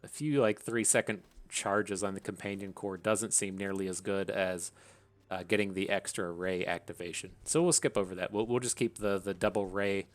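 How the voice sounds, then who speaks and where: A man's voice: sits low, steady tone, normal speed. A man giving casual commentary while playing a video game, rambling, repeating words and swearing now and then. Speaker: gaming streamer.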